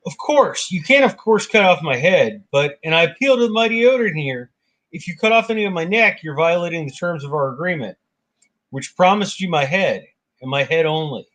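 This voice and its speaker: A man voicing a sly male trickster god who argues his case like a lawyer, quick and high-pitched. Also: lively intonation, fairly bright tone. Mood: pleading.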